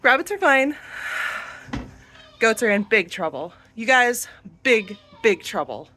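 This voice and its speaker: A woman in her thirties or forties talks through her farm chores in a casual vlog. Her pitch swings up and down a lot as she chats. She films on a handheld camera, outdoors and in the barns. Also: big pitch swings, slow, bright, forceful tone. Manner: chatty, talks sweetly to animals. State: out of breath at times. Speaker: farm vlogger. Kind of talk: casual vlog narration while doing chores. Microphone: handheld camera, she films herself.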